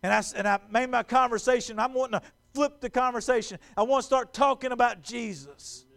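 A man preaching a sermon in a church, animated and stumbling over repeated words as he acts out quotes. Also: extremely high pitch, a little fast, vocal fry. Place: church sanctuary.

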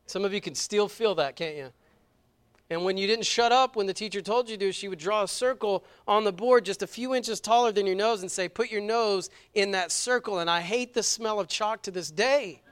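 High-voiced preaching man, fervent. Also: normal speed, clear, resonant tone. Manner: swings from quiet and intimate to loud and fervent. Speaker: pastor. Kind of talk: sermon. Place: church sanctuary.

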